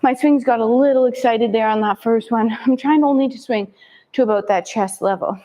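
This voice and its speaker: A woman fitness instructor calmly cueing a kettlebell workout with short step-by-step commands, breathing hard between sets. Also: a little high, fairly quick.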